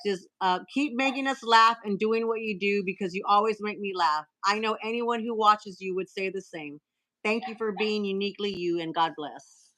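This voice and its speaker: A woman hosting a casual live stream, reading out cards and messages in a chatty way with filler pauses. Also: mid-range voice, a bit bright, poor audio.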